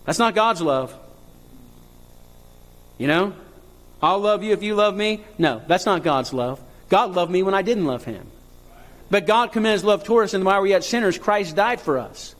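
Impassioned preacher in a reverberant hall. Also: male voice, animated, normal speed, pauses often. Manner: preachy, rising to impassioned high cries. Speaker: pastor. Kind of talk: sermon.

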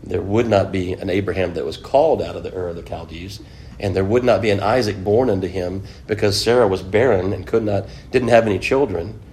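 A man's voice: deep voice, a little fast, darkish tone, a little hiss or hum. A man preaching an informal Bible lesson, chatting with his class, asking them questions and filling in with "you know". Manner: conversational, asks the class questions, many "you know" fillers.

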